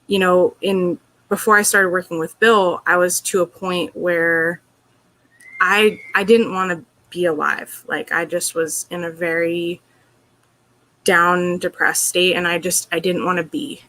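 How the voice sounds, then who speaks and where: A woman's voice: on the low side, fairly even intonation, unhurried, a bit bright. A woman being interviewed, telling a personal story in an earnest, open way, with lots of "like" and "you know". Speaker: interview guest.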